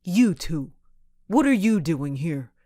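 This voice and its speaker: A sneering grown male crook snaps out scornful threats, as a woman narrating a storybook plays him. The voice sits low and unhurried. The sound is dry and close. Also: sing-song, dark tone, no echo, exaggerated voice. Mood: hostile.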